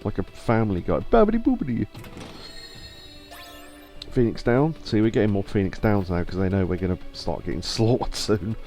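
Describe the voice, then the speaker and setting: A man with a somewhat low voice and a stuffy nose, rambling and muttering to himself as he plays a game live. He reads on-screen mission text aloud between offhand remarks. Faint game music plays quietly behind him. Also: a little fast, hardly any pauses. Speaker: game streamer. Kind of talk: casual live gameplay commentary. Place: home streaming setup.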